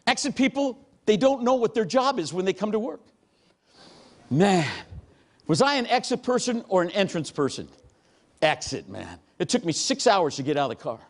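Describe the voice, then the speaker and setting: A man giving a motivational keynote talk, telling stories in a punchy, animated way and breaking into shouts and acted-out quotes. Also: high-pitched, moderate pace. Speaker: keynote speaker. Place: large hall before a live audience.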